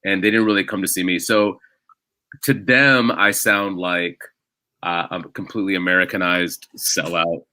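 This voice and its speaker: A man speaks as a stand-up comedian on a casual podcast. His voice sits low but cuts through with a bright, forceful edge. He rambles and pokes fun at himself. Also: steady tone, moderate pace, dry recording. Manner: rambling self-deprecating storytelling. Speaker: guest comedian.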